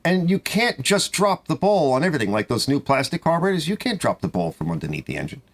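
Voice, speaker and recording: A middle-aged man who runs a small-engine repair shop, telling rambling, exasperated stories about customers in a casual monologue from his garage. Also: fast. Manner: rambling, exasperated storytelling with animated pitch swings.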